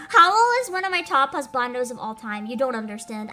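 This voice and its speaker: A young woman streaming a game, reading its text aloud and gushing excitedly between lines with frequent giggles. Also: high-pitched, brisk, soft background music. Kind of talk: game livestream, reading and reacting.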